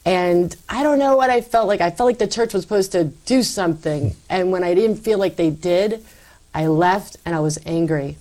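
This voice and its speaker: A middle-aged woman giving a personal testimony in conversation, animated, acting out quoted lines. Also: lowish voice, moderate pace. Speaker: guest telling her faith story.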